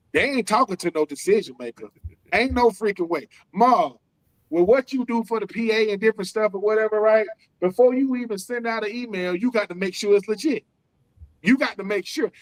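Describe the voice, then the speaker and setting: A man in his forties with a notably high speaking voice chats on a sports podcast. He is animated and slangy, and he keeps acting out the people in his stories. He sounds like a former player talking shop with his co-hosts. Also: low-quality recording. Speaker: co-host, former football player. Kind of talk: casual sports podcast chat. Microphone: streamed remote call.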